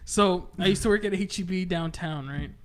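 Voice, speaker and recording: A man's voice: high voice, moderate pace, slight background noise. A man, a podcast guest, telling profane stories in casual chat and laughing through them. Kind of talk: casual storytelling.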